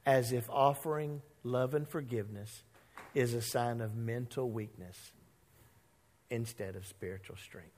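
This man is a pastor preaching in a large hall, his mid-range voice moving a little slowly. He keeps things chatty and lively, performing the voices of characters and urging his listeners to echo words back.

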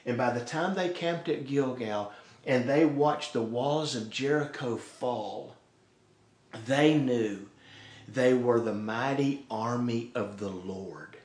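A male pastor takes his sermon slowly, his medium-pitched voice darkish in tone, breaking into quoted asides voicing God and the sarcastic people. A roomy echo surrounds him.

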